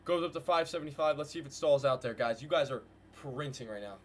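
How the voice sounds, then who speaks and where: A man at a desk mic runs live market commentary for his viewers, mid-pitched and full of hype. He calls to the chat as "guys" and "bro" and fires phrases off in repeated bursts, with a faint hiss of noise behind him. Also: quick pace. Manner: hyped, slangy, talks to chat with "guys" and "bro". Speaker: trading livestream host. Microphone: desk mic with headphones.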